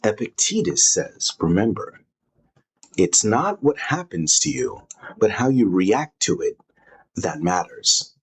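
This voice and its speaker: A man's voice: lowish voice, big pitch swings, slow pace, slightly rough, poor audio. A man giving scripted self-help narration in an earnest, emphatic manner.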